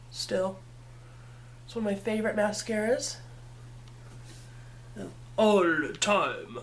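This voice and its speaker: Over slight background noise, a mid-range female voice belongs to a makeup vlogger chatting her way through a relaxed tutorial. She's playful and talks to herself while working.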